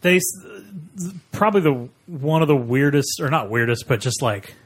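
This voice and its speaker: A man's voice: a little high, expressive, moderate pace, breathy edge. A man co-hosting a casual podcast, searching for words as he muses over a film and laughs at jokes. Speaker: podcast co-host.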